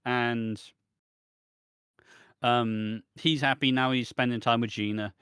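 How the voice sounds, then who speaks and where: A man's voice: mid-range voice, a little slow, clean tone, no room sound. Man with a British accent, dry close sound. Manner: animated storytelling with laughter. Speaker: podcast co-host. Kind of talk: casual chat recapping a soap.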